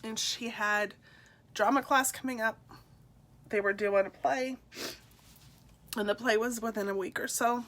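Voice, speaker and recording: Mother, middle-aged, personal testimony; bright voice, pitched a bit high, halting and emotional. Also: steady tone. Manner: emotional, halting, with soft laughs. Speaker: speaker sharing her story.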